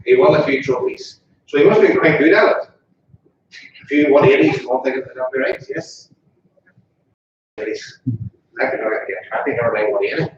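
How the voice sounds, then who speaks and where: Serving as funeral officiant, a man with a Northern Irish accent and medium-pitched voice delivers a relaxed, joking eulogy in a funeral parlour chapel, regularly asking mourners questions. The sound is distant, echoey and dull, with slight background noise.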